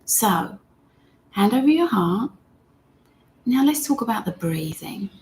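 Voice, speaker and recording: A woman teaching meditation in a gentle, chatty way, talking straight to her viewers and reading their comments aloud. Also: mid-range voice, big pitch swings, takes it slowly, slight background noise. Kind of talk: live-streamed guided meditation lesson.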